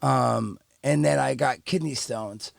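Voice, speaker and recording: Gravelly guy rambling through a story on a podcast, lots of ums and likes, dry close mic. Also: mid-range voice, takes it slowly, dry recording. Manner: rambling, candid, lots of fillers and restarts. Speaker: podcast guest. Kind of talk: casual storytelling.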